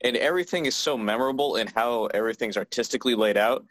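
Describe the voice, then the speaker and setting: A man with a mid-pitched voice talks reflectively in casual podcast chat, pausing and restarting as he thinks. The sound is close and dry. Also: a bit bright, no room sound, low-quality recording. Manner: reflective, halting. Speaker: podcast co-host.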